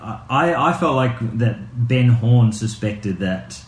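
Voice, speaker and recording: A man's voice: medium pitch, animated, slow. A man co-hosting a podcast, chatting casually and thoughtfully, now and then breaking into laughing rants. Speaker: podcast co-host. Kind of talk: casual chat. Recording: echoey room with faint hiss.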